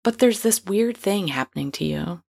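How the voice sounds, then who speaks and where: A woman's voice: medium pitch, lively intonation, normal speed, gravelly, darkish tone. A woman hosting a talk show who gives frank, playful advice in a scripted monologue with casual slang.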